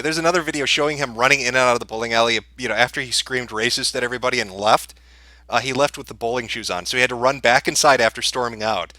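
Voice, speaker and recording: A man delivers profane, sneering commentary with a bright, sharp-edged tone. The sound is dry and close, with no room in it. He talks in an amused, crude way, mocking as he goes. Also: mid-range voice, dry recording. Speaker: podcast host.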